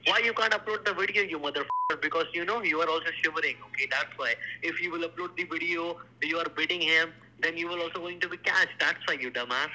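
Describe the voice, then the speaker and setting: A man's voice: fairly high pitch, fast, hardly any pauses, sharp tone. An Indian-accented man on a phone call, hurling threats and insults in broken English. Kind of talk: heated phone argument. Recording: phone line with faint noise.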